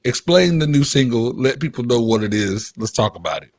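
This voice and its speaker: A laid-back man hosts a casual interview and leans on relaxed filler phrases as he talks. His voice is at a middle pitch for a man. It is recorded dry, with no room sound. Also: brisk, no echo. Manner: laid-back, keeps saying "you know what I'm saying". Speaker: host, radio station owner.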